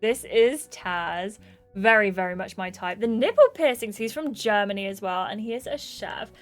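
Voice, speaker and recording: A young woman reading a dating game aloud with excitable, gushing commentary. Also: medium pitch, moderate pace, faint music behind. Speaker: gaming YouTuber.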